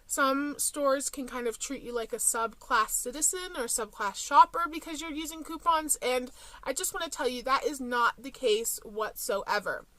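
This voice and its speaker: A young woman talks to her viewers in a chatty, casual vlog style, sprinkling in plenty of ums and likes. Her voice sits a little high and sounds bright and clear. The sound is dry and close. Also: moderate pace, no echo. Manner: chatty, with frequent "um" and "like". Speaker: couponing vlogger. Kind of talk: casual storytelling to camera.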